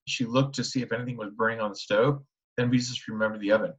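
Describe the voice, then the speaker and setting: A man narrating a children's book in a steady storytelling manner. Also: mid-range voice, quick pace. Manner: steady storytelling with small restarts. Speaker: audiobook narrator. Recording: dull lo-fi recording.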